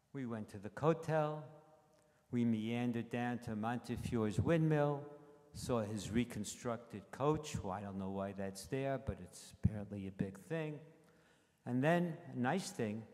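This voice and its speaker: A man in his eighties telling a congregation about a trip in a plain, halting, conversational way, speaking at a mic at the front of a synagogue. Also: medium pitch, a little mellow. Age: 80s. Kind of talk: personal storytelling address. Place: synagogue sanctuary. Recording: long reverb of a large sanctuary.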